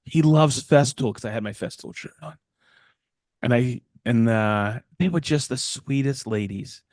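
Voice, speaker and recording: A middle-aged man, co-hosting a podcast and telling a long story in a rambling, animated way, acting out the people in it. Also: mid-range voice, a little slow, no echo, clean studio sound. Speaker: podcast co-host and woodworker. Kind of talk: casual storytelling chat.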